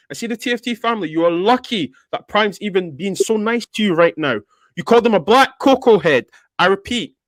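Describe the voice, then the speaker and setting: A man's voice: high-pitched, a bit bright, no echo. A man on a livestream panel delivering a furious, swearing rant with heavy emphasis. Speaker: panel guest.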